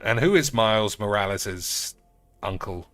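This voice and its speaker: A man casually commenting on cards while streaming a game, sarcastic and crude, swearing often and breaking into loud outbursts. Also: lowish voice, animated, measured pace, dry recording, soft background music.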